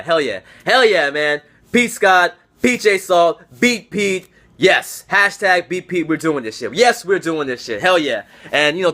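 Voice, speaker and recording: A young man hosting a casual fantasy football league recap, profane and excitable, teasing his friends and repeating phrases for emphasis, talking indoors to camera. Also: high voice.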